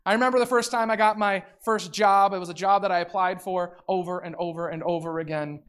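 A preacher giving a sermon, reading scripture slowly and deliberately, then swinging from soft reflection to loud, excited exclamations. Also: medium pitch, smooth.

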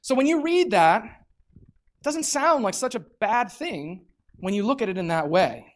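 A man preaching a sermon as pastor, animated, acting out quotes and repeating words as he builds up. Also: high-pitched, unhurried.

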